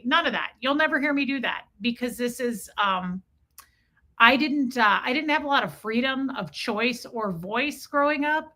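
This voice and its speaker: Speaking a little slowly in an expressive, slightly high voice, a livestream host reads out chat messages and gives shout-outs to viewers by name. Her manner is effusive and repetitive; she's cold, freezing, and using a streaming mic.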